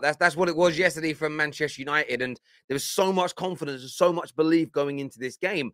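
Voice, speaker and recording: A man's voice: fairly high pitch, brisk, few pauses, fairly bright tone, dry recording, clean studio sound. A man hosting a football reaction show, amused and laughing often as he comments on clips. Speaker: host.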